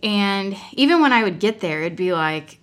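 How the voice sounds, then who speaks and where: A woman with a medium-pitched, animated voice speaks at a moderate pace as a podcast guest. A mother of several children, she tells a personal story frankly and ramblingly, often breaking into laughter.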